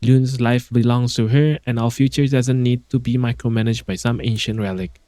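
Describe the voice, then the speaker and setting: A man's voice: mid-range voice, fairly quick, warm tone, no room sound, close to an everyday voice. A man voicing a loyal young game hero, reading the lines in an earnest, emphatic way. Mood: defiant. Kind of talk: reading game dialogue aloud.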